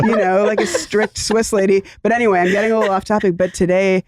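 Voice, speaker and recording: A woman from Canada co-hosting a parenting podcast, joking and rambling through fast asides. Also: medium pitch, fairly even intonation, over a noisy crowd. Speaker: podcast co-host. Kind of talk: casual comedic chat.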